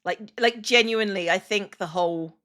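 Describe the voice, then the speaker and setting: An English woman streaming, telling a story in casual chat, quoting others with animation and sometimes dropping to a low murmur. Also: normal speed, a bit bright.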